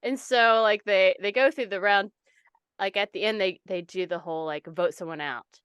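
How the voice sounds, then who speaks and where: A young woman co-hosting a casual podcast chat, animated and swearing freely as she acts out other people's reactions. Her voice is smooth and clear. It is recorded close and dry. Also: mid-range voice, moderate pace, no echo. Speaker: podcast co-host.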